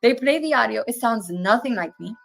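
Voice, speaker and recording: A woman's voice: on the high side, expressive, a little fast, vocal fry. A woman in her twenties, a guest telling a personal story in an earnest, indignant way and acting out each exchange as she goes. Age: 20s.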